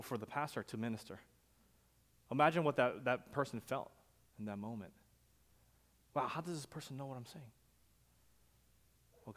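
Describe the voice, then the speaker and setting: A male pastor preaching a sermon, telling stories conversationally and swinging from loud emphasis to quiet asides. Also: mid-range voice. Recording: long hall reverb.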